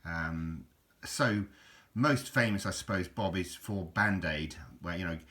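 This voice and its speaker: A man's voice: deep voice, unhurried, pushed and bright. A man chatting casually about a book at home, rambling and hesitant, with many fillers and chuckles. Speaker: vlogger reviewing a book. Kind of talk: casual chat.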